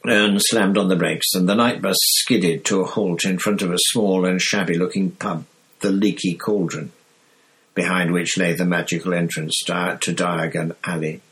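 Male audiobook narrator, low voice, steady measured storytelling. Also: poor audio. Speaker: audiobook reader. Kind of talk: scripted narration.

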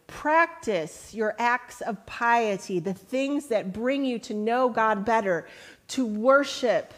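A woman pastor preaching a sermon, reading scripture slowly and deliberately, then building to emphatic questions to her congregation. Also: fairly high pitch. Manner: earnest preaching, rising to lively emphatic questions; slow, deliberate quoting of scripture.

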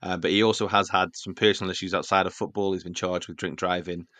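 A man's voice: low-pitched, level tone, quick pace, pushed and bright, no echo. A man hosting a casual football podcast, reeling off stats with a wry, chuckling manner.

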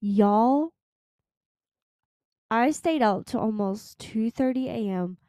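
A young woman hosting her own podcast, talking in an excited, gushing way, breathless at times and swearing freely. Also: a little high, dry recording. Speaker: podcast host. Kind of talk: excited casual podcast chat.

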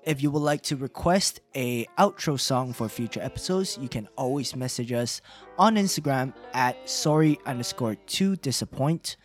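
A man's voice: medium pitch, lively intonation, moderate pace, soft background music. A man hosting a podcast, chatting casually and swearing now and then, then reading the sign-off. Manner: casual, swears, laughs easily. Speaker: podcast host.

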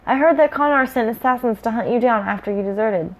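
A woman's voice: on the high side, fast, natural voice, rough recording. A woman reading the lines of a large, burly, hearty male warrior.

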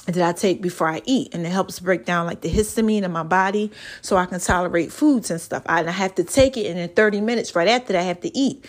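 A tired woman hosting a podcast, rambling in casual chat and urging her listeners on like a preacher. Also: medium pitch. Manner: rambling, folksy, exhorting. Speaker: podcast host.

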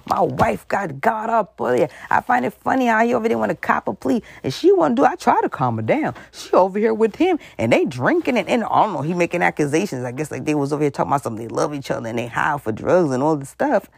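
A vlogger giving casual, rambling and suspicious commentary, with animated asides and laughter mid-sentence. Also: medium pitch, fast, creaky, hardly any pauses, slightly rough, no room sound.

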